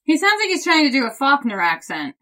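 A woman's voice: high-pitched, big pitch swings, fairly quick, bright, forceful tone. A woman co-hosting a podcast in casual chat, offhand and opinionated. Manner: offhand and opinionated, uses "like" fillers. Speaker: podcast co-host.

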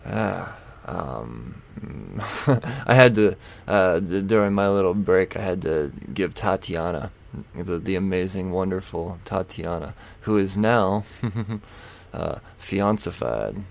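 A man with a low, gravelly voice hosts a solo podcast in a loose, rambling way. He fills gaps with ums, swears freely and pokes fun at himself as he goes. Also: lively intonation, slow pace. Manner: rambling, self-mocking, swears, frequent fillers and laughs. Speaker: podcast host. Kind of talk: casual solo comic-book podcast chat.

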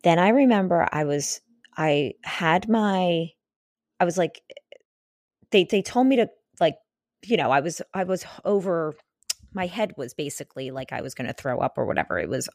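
A woman in her thirties hosts her podcast solo, talking in a casual, rambling way full of fillers and restarts. Her voice sits low for a woman, and the sound is dry and close with no room around it. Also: expressive, normal speed, a little mellow, no room sound. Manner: chatty storytelling with many fillers and restarts. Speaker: podcast host.

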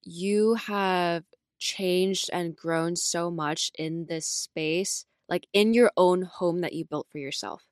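A young adult woman co-hosting a podcast in casual chat, full of fillers like "like" and "right?", telling stories with lively acted-out quotes. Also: slow, clear, resonant tone, no room sound, clean studio sound. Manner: animated storyteller, acts out quotes with big pitch jumps. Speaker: podcast co-host.

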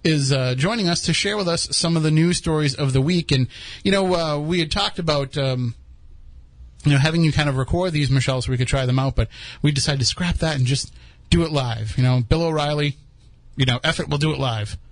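A man's voice: fairly high pitch, brisk, dry recording. A man hosting a live podcast in casual chat, rambling and joking as he tells stories. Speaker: podcast host.

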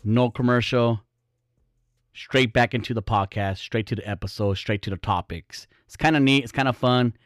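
A man's voice: mid-range voice, moderate pace, no echo, studio quality. A man hosting his own podcast, ranting bluntly in a casual, profane, rambling way. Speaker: podcast host. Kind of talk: casual solo podcast rant.

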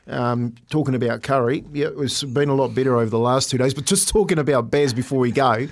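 A middle-aged man co-hosting a breakfast radio show, chatty and quick to laugh as he tells stories. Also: mid-range voice. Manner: chatty, laughs often, storytelling. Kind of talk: casual radio banter.

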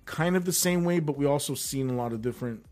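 Animated man who keeps saying "bro". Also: mid-range voice, fast, soft background music. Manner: animated, says "bro" and "like" constantly. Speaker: comedian guest. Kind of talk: casual storytelling on a podcast.

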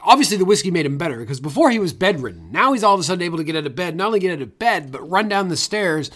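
A man with a somewhat high voice chats casually on a film podcast. He recaps scenes in a loose, rambling way, full of fillers and the occasional swear word. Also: very animated, rapid-fire, fairly bright tone. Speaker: podcast co-host.

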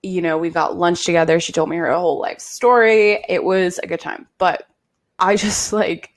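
A young woman in her twenties hosting a podcast, telling a personal story in a candid, animated way and swearing freely. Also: on the low side, normal speed. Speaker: podcast host. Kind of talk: casual storytime monologue.

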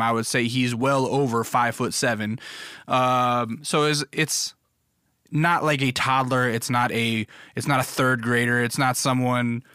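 Guy telling a long story, lots of "like" and swearing, bright clear voice, dry close sound. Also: mid-range voice, no echo. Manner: rambling, profane, lots of filler and asides. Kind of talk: casual storytelling.

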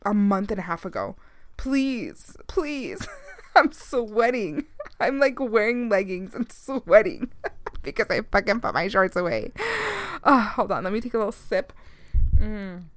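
A woman in her thirties hosting a podcast from home, chatting in a lively, animated way and dropping in Spanish phrases. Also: medium pitch, a little slow. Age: 30s. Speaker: podcast host. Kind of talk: casual chat.

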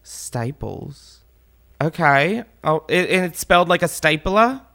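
A man's voice: fairly high pitch, sing-song, takes it slowly, creaky, pushed and bright. A man hosting prank calls, chatty and casual, swearing and laughing between calls. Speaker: prank call host. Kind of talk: casual prank call chat.

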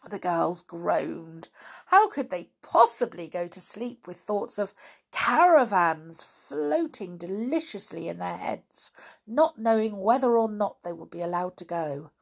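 A woman reads a children's story aloud with plenty of expression. Her voice sits low, yet her melody rises and falls in lively arcs. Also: measured pace, creaky.

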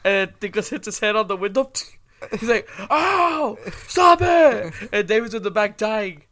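A young man co-hosting a podcast, telling stories in casual chat, laughing often and acting out quotes in high voices. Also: steady tone, a little fast, fairly bright tone, dry recording. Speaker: podcast co-host.

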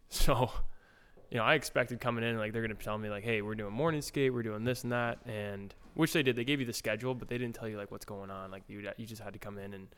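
A man's voice: lowish voice, fairly even intonation, fast, fairly bright tone, clear, resonant tone. A young man, a pro hockey player, casually telling a story in an interview, laid back with lots of fillers. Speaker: guest, pro hockey goalie.

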